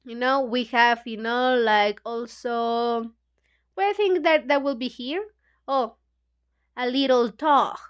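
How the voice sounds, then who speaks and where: Speaking slowly in a clean, fairly high voice, a chatty woman who teaches an English book club retells a story for learners. Spanish is her first language, she keeps dropping "you know, like," and she performs the characters' lines.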